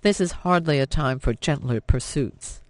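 A man's voice: on the high side, moderate pace, darkish tone, dry recording, natural voice. A man playing a bitter, drinking middle-aged father who speaks in a weary, stern manner.

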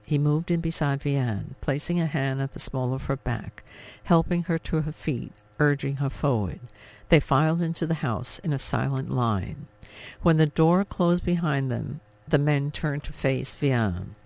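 A man narrating an audiobook in a steady, expressive storytelling manner. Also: mid-range voice, unhurried, vocal fry, dry recording. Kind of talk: scripted narration.

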